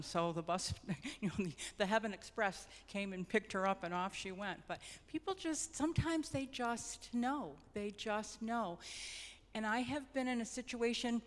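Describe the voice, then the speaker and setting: A woman facilitates a grief support group in a reflective, gentle way. She returns to phrases for emphasis. Her mid-pitched voice carries a long reverb from a church hall.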